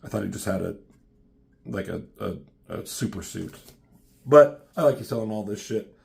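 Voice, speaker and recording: A low, gravelly man talks through a comic story in a loose, rambling way. He swears freely, fills gaps with ums and tosses in side questions as he goes. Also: lively intonation, normal speed, a little mellow. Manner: rambling, profane, many ums and asides. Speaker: comic book reviewer. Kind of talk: casual comic recap.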